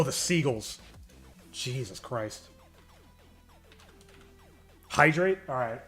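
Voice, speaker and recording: A man's voice: medium pitch, fairly bright tone. A man streaming his animation work live, chatting casually with viewers and thinking aloud.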